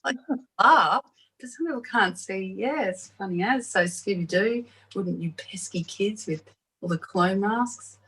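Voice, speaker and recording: A woman's voice: medium pitch, measured pace, fairly bright tone, husky, rough recording. A woman chatting casually and with amusement on a video call. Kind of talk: casual group chat.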